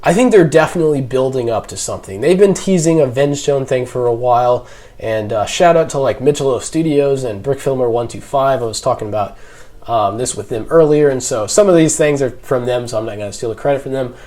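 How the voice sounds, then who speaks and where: A man's voice: mid-range voice, brisk, warm tone. A young man gives a casual spoken review in an ordinary mid-range voice. He rambles freely, circling back with fillers and restarting his sentences as he thinks aloud. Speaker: YouTube reviewer.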